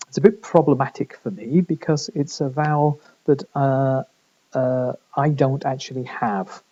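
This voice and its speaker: A man's voice: medium pitch, fairly even intonation, unhurried, warm tone, lo-fi sound. Hesitant man with a northern English accent. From Midlands of England. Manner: hesitant, many fillers and restarts. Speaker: linguistics lecturer. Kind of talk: recorded lecture.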